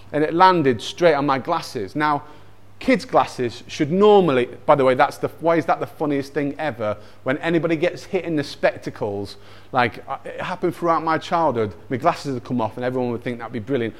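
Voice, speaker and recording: Animated man telling a Bible story. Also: on the high side. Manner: animated, with acted-out moments and personal anecdotes. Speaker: speaker retelling a Bible story. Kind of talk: lively storytelling talk.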